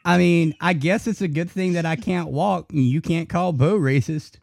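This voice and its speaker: A man's voice: on the high side, normal speed, vocal fry, a little mellow, no echo. A man co-hosting a podcast, ranting heatedly with heavy swearing in casual chat. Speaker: podcast co-host.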